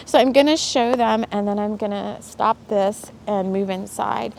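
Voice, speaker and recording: Chatty woman with a gravelly edge. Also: mid-range voice, fairly even intonation, normal speed, hardly any pauses, darkish tone, slight background noise. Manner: rambling, chatty, laughs often, many fillers. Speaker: spiritual host and tarot reader. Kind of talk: casual spiritual chat.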